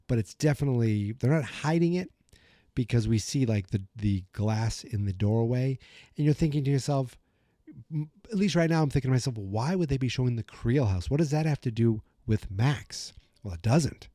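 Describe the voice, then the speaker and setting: In studio-quality audio with no echo, a man with a mid-range, dark voice hosts a podcast. He casually walks through an episode recap, peppered with "you know" and "like," acting out what the characters say.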